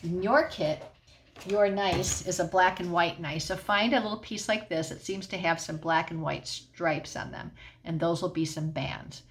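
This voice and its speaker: A woman's voice: on the low side, moderate pace, slight background noise. A middle-aged woman teacher explaining a science lesson at home in a patient way, often checking in with the class.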